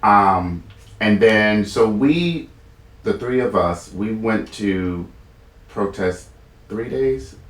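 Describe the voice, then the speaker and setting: A man's voice: lowish voice, animated, very slow. A man co-hosting a podcast, talking earnestly with frequent restarts. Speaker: podcast co-host. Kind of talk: casual discussion. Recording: roomy echo, a bit far from the mic.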